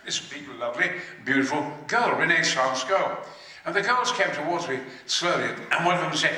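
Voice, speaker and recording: An older man tells stories on a convention stage in a booming, theatrical, sweary way. His voice is high and forceful. It echoes around a big hall, heard from a distance. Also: animated, normal speed. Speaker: actor on a convention panel. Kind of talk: anecdotal storytelling.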